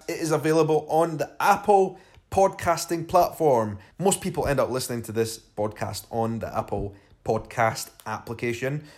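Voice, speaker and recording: A man's voice: fairly high pitch, darkish tone. A man from Scotland with an Edinburgh accent, hosting his podcast and telling a personal story in a casual, chatty way. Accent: Scottish, Edinburgh. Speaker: podcast host.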